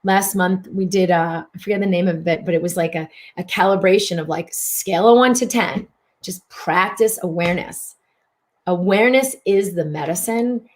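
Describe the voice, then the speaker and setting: Expressive woman with a lowish voice. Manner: expressive, slips into voicing inner thoughts with big pitch swings; repeats words for emphasis. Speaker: host and physician. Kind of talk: mind-body self-help broadcast.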